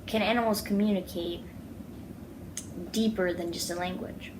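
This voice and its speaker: A woman's voice: fairly low pitch, fairly even intonation, normal speed, noisy background. A young woman chatting casually in a vlog, rambling with lots of fillers, alone in a house. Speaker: vlogger. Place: house, indoors.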